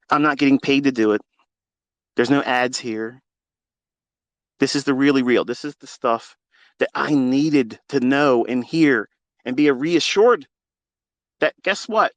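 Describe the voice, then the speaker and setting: A man's voice: mid-range voice, unhurried, pauses often, dry recording, lo-fi sound. A middle-aged man speaking into a phone as a mentor, in a fervent, preachy monologue that mixes faith with casual swearing. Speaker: trading mentor. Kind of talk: impassioned spoken monologue.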